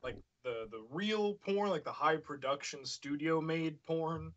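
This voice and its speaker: A man's voice: fairly high pitch, a little slow, few pauses, a bit bright. A man chatting as co-host, dropping cheeky, joking asides. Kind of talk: casual chat.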